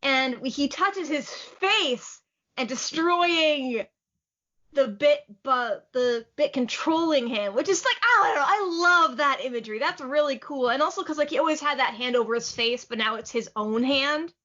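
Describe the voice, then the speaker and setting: Sitting high, pushed and bright, with lively intonation, a woman's voice recaps a manga chapter on a podcast she co-hosts. It's chatty, enthusiastic casual talk stuffed with "like" and quick laughs, recorded in slightly muffled lo-fi.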